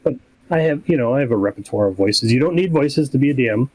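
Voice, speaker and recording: A man who runs tabletop games, talking casually on a podcast in a relaxed, rambling way and acting out examples. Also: medium pitch, quick pace, husky, rough recording. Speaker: game master.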